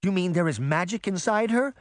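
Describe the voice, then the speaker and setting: A gentle little sister, earnest and caring, as a male narrator puts her on. She speaks up high with wide-eyed questions. The audiobook sound is dry and close. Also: animated, fairly quick, no echo.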